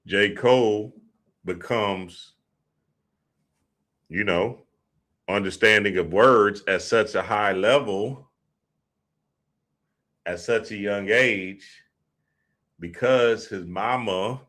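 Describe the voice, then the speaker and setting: A man's voice: on the low side, takes it slowly, long pauses, a bit bright. Profane, slangy man telling stories. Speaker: podcast host. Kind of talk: casual monologue commentary.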